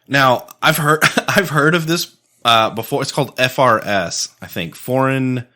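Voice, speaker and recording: A man's voice: mid-range voice, unhurried, pushed and bright. A man co-hosting a podcast, chatting casually over drinks, profane and laughing as he rambles. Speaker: podcast co-host.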